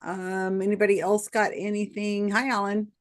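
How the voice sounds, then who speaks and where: A woman's voice: medium pitch, flat delivery, dry recording. Chatty woman trivia host, dry sound. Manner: chatty, laughs often, quick asides. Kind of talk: casual chat.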